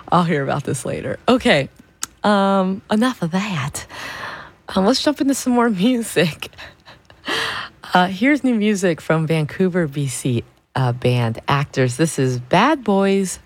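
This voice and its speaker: Gravelly-voiced woman radio DJ. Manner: chatty, storytelling, laughs often, imitates her mom in a higher voice. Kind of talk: casual radio chat and back-announcing. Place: radio studio. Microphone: studio microphone.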